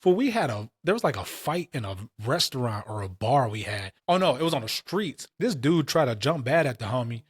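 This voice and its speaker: A man's voice: medium pitch, very animated, fairly quick, hardly any pauses, husky, dry recording, clean studio sound. A man in his late twenties or thirties, co-hosting a casual podcast and telling stories in heavy, profane street slang. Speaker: podcast co-host.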